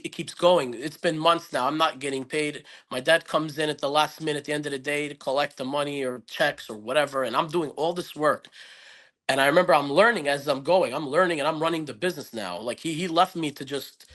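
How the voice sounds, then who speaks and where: A man's voice: on the high side, brisk, a bit bright. A man speaking as a podcast guest, telling a personal story in an earnest, reflective way that rambles with many restarts. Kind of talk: casual interview storytelling.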